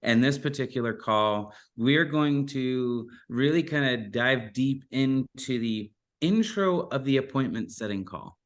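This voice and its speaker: A man's voice: mid-range voice, lively intonation, a little slow, few pauses. A man hosting a sales podcast, talking loosely and self-deprecatingly in casual chat. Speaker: podcast host.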